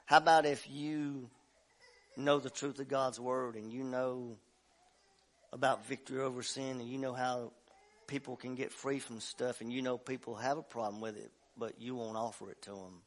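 A man preaching a sermon as pastor, telling a story in a folksy way and building to loud shouts. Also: mid-range voice, fairly even intonation, moderate pace. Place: church sanctuary.

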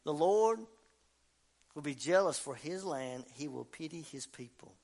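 A man preaching a fervent sermon, swinging between quiet talk and shouting. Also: on the high side, lively intonation, measured pace, vocal fry. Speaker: pastor.

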